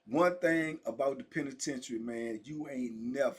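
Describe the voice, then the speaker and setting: A man's voice: medium pitch, normal speed, breathy edge. A middle-aged man, host of his own channel, telling prison stories in a casual monologue, emphatic and repetitive with heavy street slang. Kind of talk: casual storytelling monologue to viewers.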